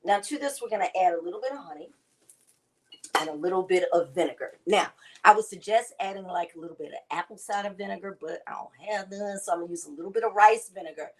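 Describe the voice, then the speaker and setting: A woman's voice: medium pitch, fast talker, poor audio. A woman, chatting to viewers as she hosts a casual cooking demonstration. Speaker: cooking show host.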